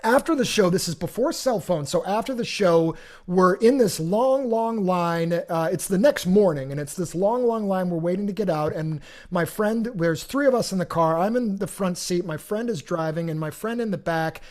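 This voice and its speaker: High-voiced man telling a rambling story. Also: normal speed. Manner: animated, rambling, restarts and repeats words. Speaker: podcast host. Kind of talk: casual storytelling.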